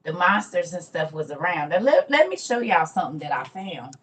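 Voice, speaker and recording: A woman's voice: on the low side, lively intonation, fairly quick, a bit bright, rough recording. A middle-aged woman, chatting casually with viewers on a morning livestream from home, calling them y'all. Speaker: livestream host. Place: home room.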